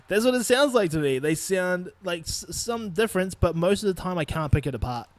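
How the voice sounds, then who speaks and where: A young New Zealand man with a high-pitched, expressive voice hosts a podcast at normal speed, with no room sound in the recording. Speaking with a Kiwi accent, he rants bluntly and profanely in a casual way, laughing between his points.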